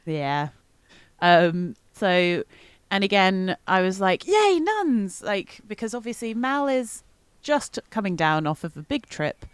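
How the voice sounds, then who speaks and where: A woman's voice: lowish voice, unhurried, smooth, dry recording. A woman co-hosting a podcast, chatting casually and laughing often as she recaps an event with many ums. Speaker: podcast co-host.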